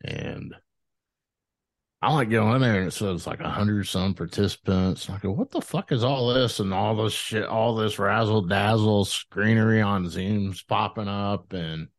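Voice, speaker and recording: A man in his thirties, a podcast guest telling his story in a rambling, profane, animated way, with many restarts. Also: on the low side, measured pace, vocal fry, no room sound. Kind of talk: casual storytelling interview.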